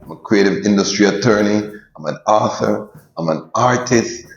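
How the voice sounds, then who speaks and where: A man hosting a podcast, giving a measured, ceremonial greeting and introducing himself formally. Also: lowish voice. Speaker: podcast host. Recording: roomy, dull audio with faint music.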